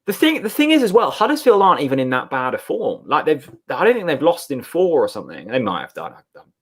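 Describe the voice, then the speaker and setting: A man co-hosting a live football watchalong, talking in a chatty, excitable way. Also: a little high, quick pace, slightly rough. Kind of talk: casual live match chat.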